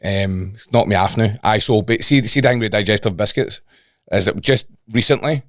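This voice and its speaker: A man's voice: on the low side, moderate pace, dry recording, clean studio sound. A Scottish man co-hosting a casual fitness podcast, telling rambling stories, swearing and repeating himself. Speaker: fitness coach and podcast co-host. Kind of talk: casual chat.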